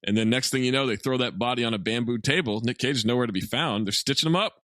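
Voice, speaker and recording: A man's voice: medium pitch, fast talker, no room sound, studio quality. A man co-hosting a comedy podcast, casually recapping a movie's plot with jokes. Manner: lively, jokey, narrates the plot.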